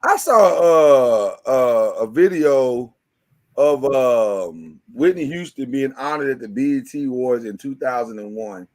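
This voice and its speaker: A man's voice: medium pitch, lively intonation, measured pace, darkish tone. A man hosting a casual podcast discussion, talking emphatically and repeating words as he starts his thoughts. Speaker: podcast host.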